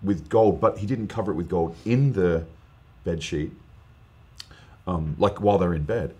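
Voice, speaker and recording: A man, a guest preacher, telling an earnest, animated testimony story in casual podcast chat, with lots of fillers. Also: low-pitched, unhurried, muffled recording.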